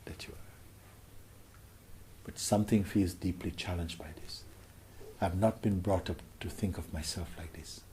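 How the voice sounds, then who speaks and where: A man giving a contemplative spiritual talk as a teacher, gentle and questioning, often sinking into a whisper. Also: sits low, fairly even intonation, normal speed, a little hiss or hum.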